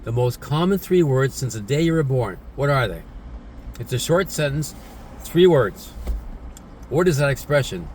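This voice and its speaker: With a sing-song delivery and a darkish, mid-range voice, a man teaches a casual spoken English lesson at normal speed. He says things more than once and ends points with "right?" or "isn't it?"; slight background noise is audible. He's an English teacher.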